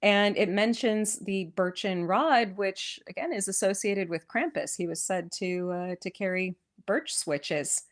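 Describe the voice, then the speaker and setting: A woman with a West Coast American accent hosting a podcast. She reads an old poem aloud, then chats about its history in a lively, enthusiastic way with frequent restarts. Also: mid-range voice, a little slow, few pauses. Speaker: podcast host. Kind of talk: poetry reading and casual history chat. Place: lives in England.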